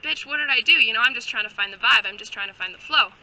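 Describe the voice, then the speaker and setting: A woman's voice: on the high side, quick pace, pushed and bright, poor audio. A woman voicing a lonely, confused male talking frog who whines and swears casually. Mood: lost. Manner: whiny, bewildered, casual swearing.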